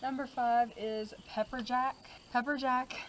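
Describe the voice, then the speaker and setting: A woman's voice: on the high side, fairly even intonation, slow, slight background noise, poor audio. A woman vlogger chatting casually about her journal pages, with lots of "um" and "like" as she talks. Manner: chatty, many fillers like "um" and "like". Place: outdoors.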